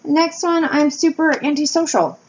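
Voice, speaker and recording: Candid, animated woman. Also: sits high, moderate pace. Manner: candid, animated storytelling with swearing and laughs. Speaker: wax-melt YouTuber and blogger. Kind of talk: casual chat to camera. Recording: slightly dull home recording with faint background noise.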